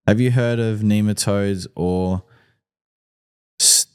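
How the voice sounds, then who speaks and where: A man with an Australian accent hosting a live lawn care show, answering viewer questions in a hesitant, halting way. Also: low-pitched. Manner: hesitant, lots of ums and restarts. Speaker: lawn care podcast host.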